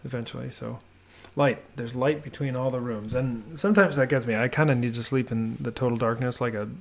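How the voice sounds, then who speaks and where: A man giving a relaxed, rambling voiceover house tour from his home office, with many fillers and restarts. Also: medium pitch, a little fast, vocal fry. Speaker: homebuilding vlogger.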